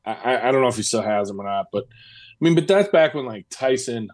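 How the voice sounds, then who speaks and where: A man in his thirties talking loosely on a casual podcast, his voice sitting at an ordinary middle pitch. He rambles and restarts, full of fillers and curse words. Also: expressive, brisk, dry recording. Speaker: podcast co-host. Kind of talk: casual chat.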